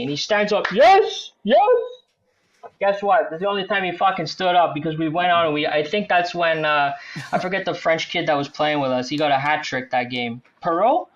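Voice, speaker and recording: A man's voice: on the high side, a bit bright, dull audio. A man, a superfan guest ranting profanely in casual podcast chat. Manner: profane, ranting fan banter.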